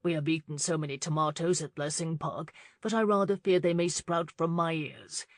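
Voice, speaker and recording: Gallant joking lord read by a woman, slightly lowered, low voice. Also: normal speed, dry recording, clean studio sound. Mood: jovial. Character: genial male marquis, jovial and gallant.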